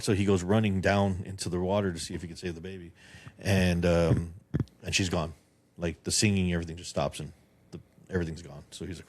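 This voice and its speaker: A middle-aged man with a very low voice rattles along at a quick clip. He is a podcast guest telling a story in a loose, profane, animated way. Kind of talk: casual chat and storytelling.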